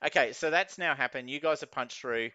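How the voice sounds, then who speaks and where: A man's voice: medium pitch, a little fast, sharp tone. A man running a tabletop game as game master, rambling with many fillers and laughs, on a dull, lo-fi recording.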